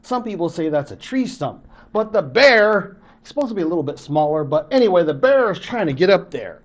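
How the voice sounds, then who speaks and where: A man's voice: high voice, very animated, a little fast. An older man, a college professor, telling a traditional story in a folksy, conversational way, acting out the scenes. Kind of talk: traditional story told to camera.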